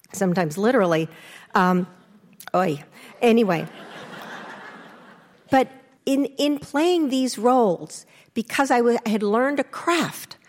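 An older woman, an interview guest, telling her story candidly and acting out remembered lines with lively restarts. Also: long reverb tail. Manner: animated, restarts, acts out quotes with rising pitch.

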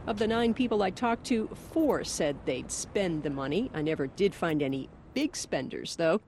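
A woman radio reporter delivering a scripted news story in a lively, storytelling way. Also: on the low side, normal speed, a little hiss or hum.

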